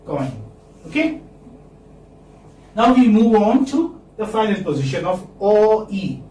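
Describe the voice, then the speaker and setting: A man teaching English phonetics to a class in a lecture style, slowly repeating each word so the students can copy it. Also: high voice, very animated, mellow, far from the mic. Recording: echoey classroom, speaker off-mic, faint noise.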